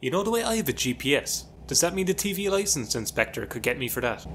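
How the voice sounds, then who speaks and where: A man's voice: on the high side, sing-song, quick pace, noisy background. A young Irish man with an Irish accent giving sarcastic, self-mocking commentary while playing a game at a desk mic. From Ireland. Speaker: gaming YouTuber. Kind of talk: playthrough commentary. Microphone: desk mic with pop filter.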